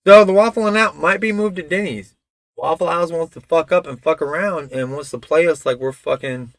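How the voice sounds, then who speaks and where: A man's voice: a little high, fairly quick, no echo. Loose, profane male streamer with a slightly raised voice; dry, close recording. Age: adult father of a toddler. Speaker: live streamer. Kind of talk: casual live-stream chat.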